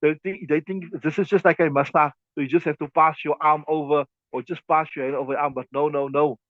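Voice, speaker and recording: This fast-talking man has a fairly high pitch and fairly even intonation, with no echo around him. He teaches Islamic law, taking a class, also streamed online, through a classical text while repeating himself and demonstrating with his hands. The sound is tinny, much like a phone recording.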